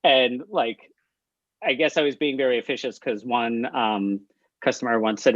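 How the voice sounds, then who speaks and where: A man's voice: medium pitch, fairly even intonation, normal speed, a bit bright, no echo, dull audio. A man from upstate New York, a playwright reading stage directions and chatting in a dry, self-mocking way. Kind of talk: reading stage directions, then casual chat.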